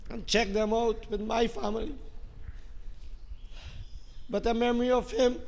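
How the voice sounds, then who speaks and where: A middle-aged man, giving a heartfelt, halting funeral eulogy while tearful. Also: very high voice, vocal fry, a little mellow. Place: funeral hall. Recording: reverberant hall with background noise.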